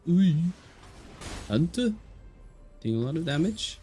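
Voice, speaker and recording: Tired guy casting a league match on stream, chatty with chat, mid pitched voice, bit of music under it. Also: measured pace. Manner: chatty, talks to stream chat, jumps to excited shouts at big plays. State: tired, yawning. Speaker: esports caster. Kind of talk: live play-by-play commentary.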